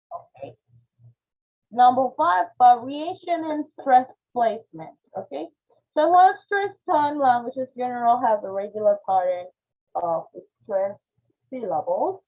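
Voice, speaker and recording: A woman teaching a phonetics class online, explaining step by step and checking in with "okay?", with Spanish as her first language. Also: a little high. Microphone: video call. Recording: tinny phone-like video call audio.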